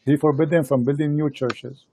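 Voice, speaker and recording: A man hosting a heated online debate, insistent and repetitive, speaking halting non-native English into a computer mic. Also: fairly high pitch, steady tone, mellow. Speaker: host of a live debate stream.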